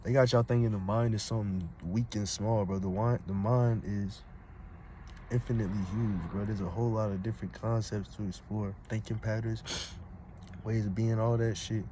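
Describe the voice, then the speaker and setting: A man with a fairly low voice delivers a streetwise spiritual rant to his viewers. He is blunt and unfiltered and keeps checking in with "you feel me". A faint noise sits under the recording. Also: steady tone, moderate pace. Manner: gets loud and heated when arguing. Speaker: vlogger on spirituality. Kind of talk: casual preachy monologue.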